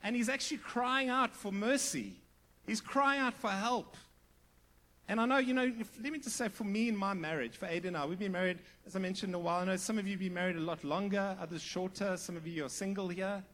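High-voiced pastor preaching. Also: male voice, a little fast. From South Africa. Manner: earnest preaching with sudden drops to hushed emphasis; conversational, with asides and restarts. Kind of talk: sermon.

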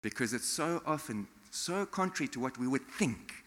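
A man from South Africa preaching a sermon in a church, animated, acting out quotes and laughing often. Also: mid-range voice, normal speed. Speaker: pastor. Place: church hall. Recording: long hall reverb.

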